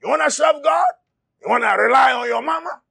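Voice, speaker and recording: A man preaching a fiery sermon, shouting and crying out, repeating his words as he presses his listeners. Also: very high-pitched, fairly quick, creaky, breathy edge, no echo, clean studio sound.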